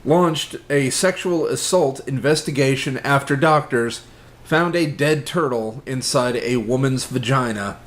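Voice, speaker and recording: A man's voice: medium pitch, measured pace. A man co-hosting a casual comedy news podcast, reading out odd stories and joking along. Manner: reads news items aloud between jokes. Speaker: podcast co-host.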